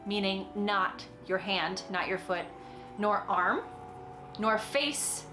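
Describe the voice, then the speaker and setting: A woman's voice: on the high side, a bit bright, roomy sound. A young adult woman explaining a monologue line by line in a casual tutorial, chatty and explanatory, with frequent little laughs. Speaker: acting teacher explaining a monologue.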